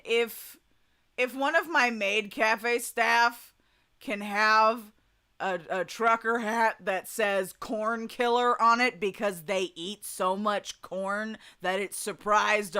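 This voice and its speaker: A woman's voice: mid-range voice, pushed and bright, clear, resonant tone. A young woman with a Southern US accent chatting casually on a live stream, laughing often and swearing freely. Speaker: streamer chatting with her chat.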